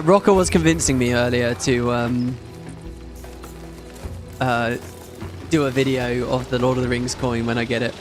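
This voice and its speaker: A man chatting casually over gameplay as a YouTube host, rambling and excitable, swearing freely. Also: on the high side. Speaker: gaming YouTuber.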